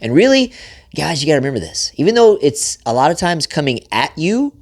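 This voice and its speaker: A man's voice: a little high, very animated, a little fast. A man giving a blunt, profanity-laced talk as a marriage coach, speaking straight to other men and constantly checking in with "right?". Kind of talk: motivational advice talk to camera.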